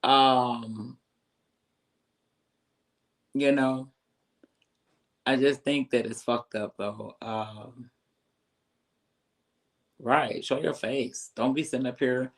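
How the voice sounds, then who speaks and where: A commentator ranting about a reality show, heated and sarcastic, dropping from low mutters to sudden high exclaims. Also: slow, pauses often. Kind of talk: profane commentary rant.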